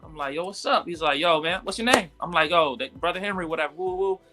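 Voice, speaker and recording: A man telling a story in casual live-stream talk, animated and full of "like" and "yo", jumping high when he quotes people. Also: fast, over music. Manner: animated, acts out quotes with sudden high pitch jumps; frequent fillers "like" and "yo". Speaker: guest entrepreneur.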